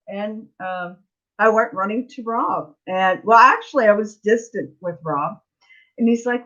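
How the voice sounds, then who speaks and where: A woman's voice: medium pitch, animated, unhurried, a bit bright. A middle-aged woman, a psychic tarot reader telling a story in a blunt, chatty, digressive way on a live Q&A stream. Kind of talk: casual storytelling on a livestream. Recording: slightly dull lo-fi audio.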